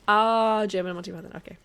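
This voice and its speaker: A woman streaming a video game, chatting casually with her viewers, answering their comments and laughing often. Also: medium pitch. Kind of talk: casual live-stream chat while playing.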